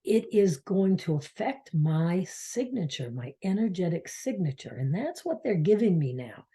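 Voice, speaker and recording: A spiritual coach and channel host from Maine recounts a heartfelt personal story in a rambling, unhurried way. Her fairly low, warm voice swings widely in pitch and occasionally falls to a near whisper.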